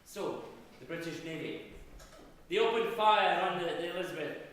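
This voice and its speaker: A Scottish man giving a dramatic history lecture, swinging from loud emphatic bursts to low hushed asides, recorded in a university auditorium. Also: moderate pace. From Scotland. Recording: echoey hall, voice far from mic.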